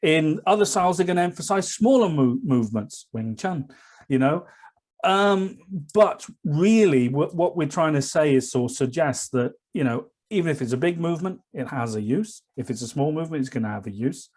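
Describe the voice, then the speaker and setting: A man's voice: fairly high pitch, expressive, moderate pace, a little mellow. A man co-hosting a casual podcast chat about martial arts, teasing his partner and rambling with many fillers. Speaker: podcast co-host.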